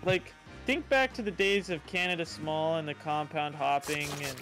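A man's voice: a little high, normal speed, music in the background. A young man chatting casually while gaming, teasing his partner with profane banter. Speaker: gamer.

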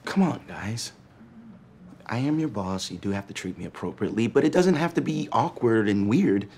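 A man's voice: fairly low pitch, expressive, moderate pace, a little mellow, a little hiss or hum. An actor playing a new hospital dean who speaks firmly but pleads with his staff. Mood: pleading. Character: new male dean, earnest, trying to be the boss.

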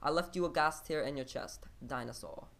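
A man's voice: on the high side, brisk, vocal fry, fairly bright tone. A man voicing a British fellow player reading out a sheepish note, with an exaggerated attempted British accent. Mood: sheepish apology.

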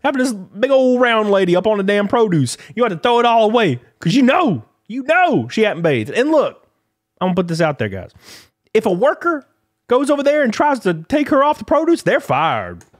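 A man's voice: very high-pitched, sing-song, a little fast, no echo, studio quality. A man streamer reads workplace complaints aloud and rants bluntly about them, swearing casually. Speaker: streamer commentator. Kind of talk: reading posts aloud and ranting.

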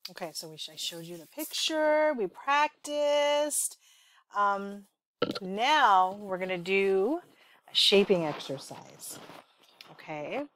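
A woman's voice: fairly low pitch, fairly bright tone, no echo. A woman leading a speech therapy demonstration with a child, patient and encouraging, carefully modeling sounds.

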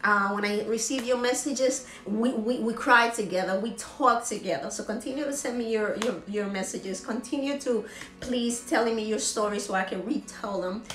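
A woman's voice: a little high, normal speed, fairly bright tone. Earnest woman preaching in an echoey room. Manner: earnest, preachy, repeats phrases for emphasis. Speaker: motivational speaker and vlogger. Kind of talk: emotional motivational talk.

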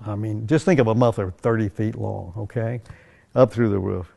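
Older male storyteller, gravelly, folksy and rambling, racing-team owner recounting anecdotes. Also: lowish voice, steady tone, normal speed, warm tone. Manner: folksy, conversational, rambling with restarts. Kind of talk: animated anecdote telling.

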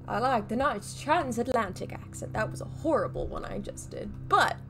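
A young woman plays through a shooter and chats casually, throwing sarcastic one-liners at the game. Her voice sits a bit high and carries a gravelly, fried edge. Game music plays faintly underneath. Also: sing-song, moderate pace. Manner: wry, sarcastic quips at the game. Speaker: let's play gamer. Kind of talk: casual gameplay commentary.

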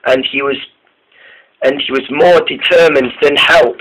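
A man's voice: medium pitch, fairly even intonation, background noise. A man reading a homemade train story aloud, often stumbling and restarting his sentences. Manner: halting, with frequent restarts.

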